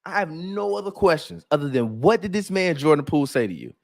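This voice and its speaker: A man hosting a casual sports podcast, riffing on a viral clip in slangy, profanity-laced trash talk. His voice is lively and swings widely in pitch. The sound is dry and close. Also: brisk, gravelly, no room sound. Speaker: podcast host.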